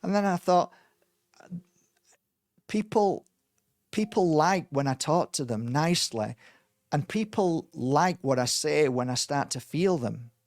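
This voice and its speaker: A man, a spiritual teacher, telling a personal story in a casual way and acting out the quoted dialogue with lively energy. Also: on the high side, takes it slowly, pauses often, dry recording, clean studio sound. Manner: animated, acts out quoted dialogue.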